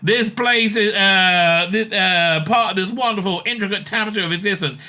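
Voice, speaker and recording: An earnest alien hero gives a stirring speech about connection, voiced by a man reading aloud. The voice is high-pitched and strikingly bright, and the delivery is halting, full of fillers and restarts. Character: heroic male time-traveling alien, earnest speechmaker.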